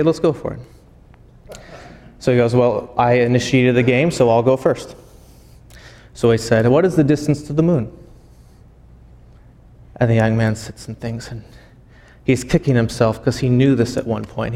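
A man preaching a sermon. He tells a long story, halting and often repeating words as he goes. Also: mid-range voice, a little mellow. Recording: long hall reverb.

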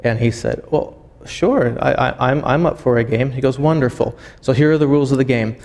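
A man preaching a sermon. He tells a long story, halting and often repeating words as he goes. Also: mid-range voice, steady tone, darkish tone. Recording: long hall reverb.

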